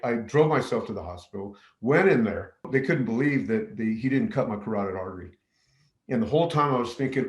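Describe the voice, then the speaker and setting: A man's voice: mid-range voice, animated, a little fast, reverberant. A man, a middle school teacher from New Mexico, telling a personal story with many fillers and restarts. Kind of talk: personal story told to camera.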